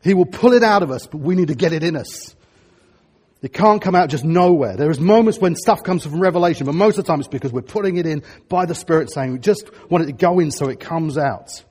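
A middle-aged man preaching a sermon, telling stories in an animated way with sudden loud bursts. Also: a little high, a little fast, husky.

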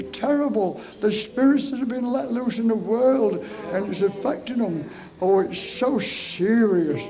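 High-voiced preacher, fervent. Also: male voice, mellow, rough recording. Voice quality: emotional, pleading delivery with repeated stammered starts.

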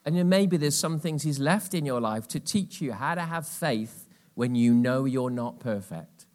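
A man's voice: medium pitch, lively intonation, unhurried. Emphatic male pastor preaching in church. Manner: emphatic, swings from loud exhortation to hushed asides. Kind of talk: live church sermon.

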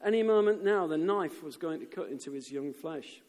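A man preaching a sermon, telling stories in an animated way and shouting out the lines of crowds. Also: a little high, moderate pace. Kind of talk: sermon with storytelling. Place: church. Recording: long reverb of a church hall.

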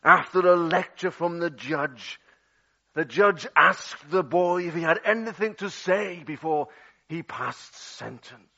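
A man preaching a sermon, swinging dramatically between loud outbursts and hushed, low passages. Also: expressive, slow. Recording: dull lo-fi audio.

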